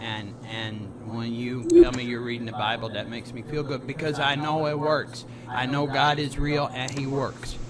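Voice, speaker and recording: A man's voice: mid-range voice, fairly even intonation, moderate pace, few pauses. Stammering, affectionate man over crowd noise. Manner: rambling, affectionate, stammers and laughs often. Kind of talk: heartfelt personal talk.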